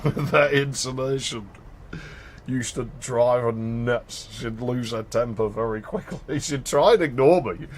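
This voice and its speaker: A man's voice: medium pitch, measured pace, a little hiss or hum. A man streaming a game, chatting casually and telling stories with frequent laughter. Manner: animated storyteller, laughs often. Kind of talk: casual chat while playing a game.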